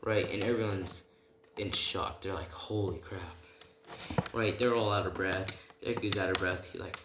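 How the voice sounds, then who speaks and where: A man's voice: deep voice, fairly even intonation, moderate pace. A man casually improvising a story, rambling with constant "right?" and "like" fillers. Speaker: storyteller of an anime fan scenario. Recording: roomy, noisy home recording with typing.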